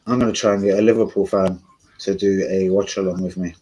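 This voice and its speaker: A relaxed man with a fairly low voice, hosting a live stream. He chats loosely with his viewers, full of slang and frequent swearing. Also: a little fast, rough recording. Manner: laid-back, slangy, swears often. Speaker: streamer and channel host. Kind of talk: casual live-stream chat.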